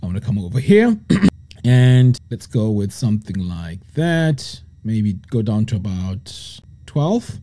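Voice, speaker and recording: A man presenting a screen-recorded web design tutorial, explaining each step in a relaxed, step-by-step way. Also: on the low side, slow pace. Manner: relaxed step-by-step walkthrough, frequent "so" and "okay".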